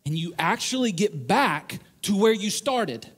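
A man with a high, light voice preaches an earnest sermon to a room of men. He is animated and acts out the voices he quotes. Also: a little slow, slightly rough. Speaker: pastor.

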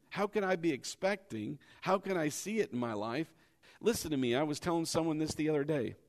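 A pastor preaching a sermon, leading the congregation in call-and-response and acting out doubting voices in a low mumble. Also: male voice, gravelly.

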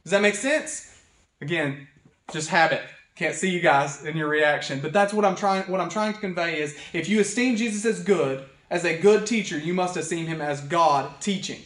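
A man's voice: fairly high pitch, moderate pace, a bit bright. A man as pastor giving a livestreamed sermon, earnest and building to emphatic repetition. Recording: echoey room.

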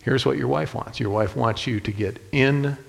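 A man's voice: mid-range voice, normal speed, gravelly, in a large hall. A man preaching a sermon in a folksy storytelling manner, speaking directly to the men in the congregation. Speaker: pastor.

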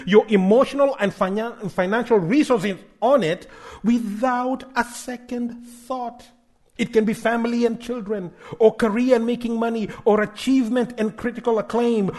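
Animated male preacher, high lively voice. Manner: animated, shifts between loud bursts and quiet asides; acts out quoted people in raised voices. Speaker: guest pastor. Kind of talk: sermon.

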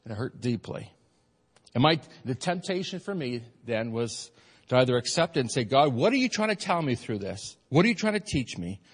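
Preaching pastor in a reverberant hall. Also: male voice, medium pitch, sing-song, a little fast, breathy edge. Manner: preaching, swings from shouted peaks to soft asides. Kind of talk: sermon.

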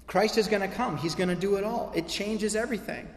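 A man's voice: sits high, brisk. Emphatic male preacher in echoey hall. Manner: emphatic preaching with rising intensity and repetition. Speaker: pastor. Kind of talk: sermon.

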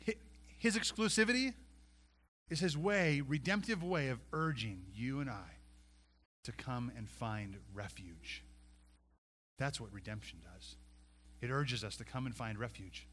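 A man preaching a sermon, pleading and animated, swinging from loud passion to hushed intensity. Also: mid-range voice, a little slow, pauses often. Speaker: pastor.

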